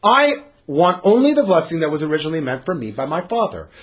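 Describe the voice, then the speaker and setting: A man's voice: on the high side, very animated, fast. Esau, a man doing an eager impulsive brother.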